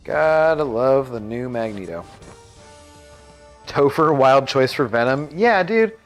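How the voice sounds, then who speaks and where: A man's voice: mid-range voice, expressive, slow pace, soft background music. A man streaming a game live, chatting casually and thinking aloud with lots of fillers.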